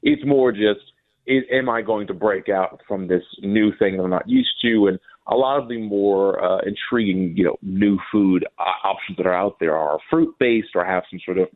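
Co-host, male, lively anecdotes, narrow phone-line audio. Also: normal speed. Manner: animated storyteller, mimics people in a higher voice. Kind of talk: casual chat. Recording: dry, phone-like narrow sound.

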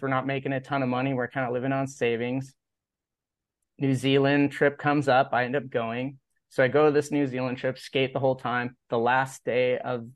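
A man's voice: mid-range voice, no room sound. Chatty man telling a story, dry sound. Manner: rambling, heavy use of "like", acts out quoted dialogue. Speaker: podcast guest, pro skateboarder. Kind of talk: casual personal storytelling.

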